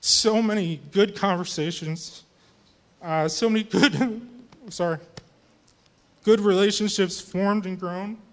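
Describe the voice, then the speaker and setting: A man with a notably high voice speaks to a church congregation, saying goodbye as youth group leader. His delivery is casual and humorous, chatty rather than polished. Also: steady tone, takes it slowly, long pauses. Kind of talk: farewell speech to a congregation.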